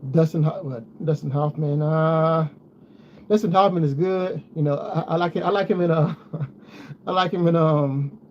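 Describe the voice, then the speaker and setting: A man's voice: fairly high pitch, fairly even intonation, moderate pace. A man chatting casually to his viewers, rambling and repeating himself as he goes. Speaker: vlogger. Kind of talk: casual chat. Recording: dull lo-fi sound with faint noise.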